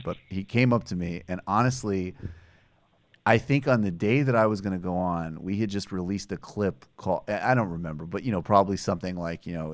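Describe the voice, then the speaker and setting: A man's voice: low-pitched, no echo. A man hosting a podcast, joking and rambling in a casual chat, full of restarts and asides. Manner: joking, rambling with self-corrections. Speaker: podcast host.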